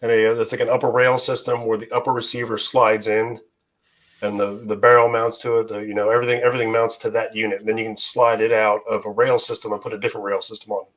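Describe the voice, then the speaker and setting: A slightly low-voiced man chatting casually as a guest, his voice worn and hoarse. He rambles, full of fillers and restarts. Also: little pitch movement, fast, a bit bright. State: losing his voice. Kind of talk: casual chat.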